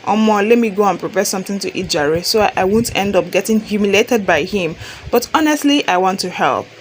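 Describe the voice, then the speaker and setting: A woman's voice: mid-range voice, lively intonation, a little fast, a little hiss or hum, close to an everyday voice. A woman with a Nigerian accent voicing a cheeky, stubborn young wife who talks in a sassy, mocking way.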